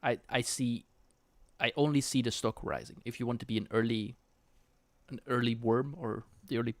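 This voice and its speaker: A man's voice: mid-range voice, fairly even intonation, moderate pace, no room sound. Chatty man with a dry close sound. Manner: chatty, with frequent restarts and laughs. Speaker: co-host. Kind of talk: casual podcast chat.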